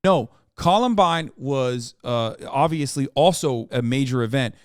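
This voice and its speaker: A young man streaming his reactions to a video, talking casually, excitable, profane and sarcastic. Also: mid-range voice, a little slow, clear, resonant tone, no room sound, studio quality.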